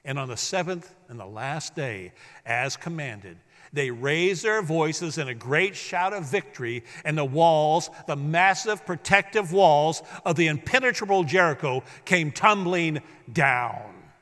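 A man's voice: on the high side, animated, measured pace, a bit bright. A man preaching a sermon as pastor, leading the congregation in repeating lines back to him. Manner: preaching, leads the congregation in call-and-response. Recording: echoey hall.

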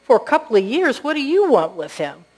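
A calm male police officer speaks plainly and steadily, as a woman preacher plays him in her story. He is matter-of-fact and unhurried. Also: very high-pitched, husky, pitched above the performer's own voice, full character voice.

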